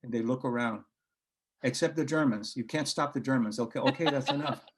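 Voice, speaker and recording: A guest author and researcher in a conversational interview tells anecdotes and acts out quoted dialogue, hesitating and restarting often. He speaks fairly quickly in a mid-range voice.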